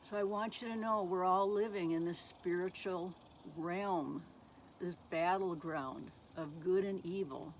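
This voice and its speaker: Slow, halting woman giving a testimony. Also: fairly low pitch, a little hiss or hum. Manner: slow, halting, with many pauses and fillers. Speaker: speaker sharing her testimony. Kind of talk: personal testimony.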